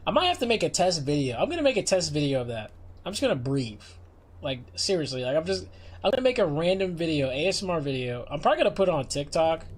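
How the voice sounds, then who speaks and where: A man's voice: a little high, big pitch swings, fast. A man streaming as a VTuber, chatting casually and playfully with his viewers in a rambling way, recorded on a binaural microphone. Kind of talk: casual live-stream chat. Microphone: binaural dummy-head microphone.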